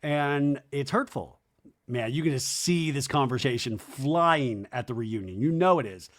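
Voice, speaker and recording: A man hosting a podcast, recapping a reality show in casual, animated commentary and acting out quotes in quick mock voices. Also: medium pitch. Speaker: podcast host.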